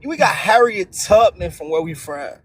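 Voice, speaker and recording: A man's voice: high voice, sing-song, moderate pace, fairly bright tone, husky. A young man taunting his friends in a voice chat, brash and repetitive, peppering every line with "yo" and insults. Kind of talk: trash-talking banter.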